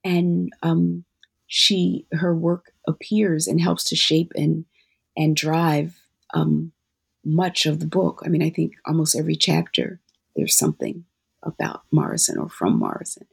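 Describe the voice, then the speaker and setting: An author and guest answering interview questions in a thoughtful, halting way with many fillers. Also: mid-range voice, little pitch movement, creaky, breathy edge.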